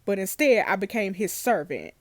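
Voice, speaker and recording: A guilt-ridden male detective spills his confession in a low, steady tone, as a woman reads his game lines aloud. The recording is dry and close, with no room sound. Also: normal speed, no room sound, close to an everyday voice. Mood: grim. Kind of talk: reading game dialogue aloud.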